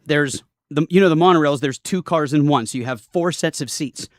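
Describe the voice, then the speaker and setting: A man's voice: a little high, a little fast, dry recording, studio quality. A man guesting on a podcast, telling a story in casual chat, laughing often and quoting people in his own voice.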